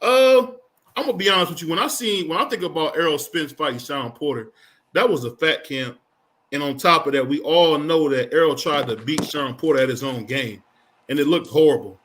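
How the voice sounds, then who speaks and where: A man's voice: a little high, brisk, a bit bright. A man co-hosting a casual boxing chat stream, laughing often and reading viewer comments aloud. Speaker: co-host.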